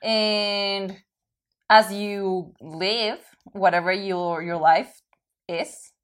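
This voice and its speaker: A woman's voice: mid-range voice, extremely slow. A woman hosting a casual podcast chat, thinking aloud hesitantly with many fillers and restarts.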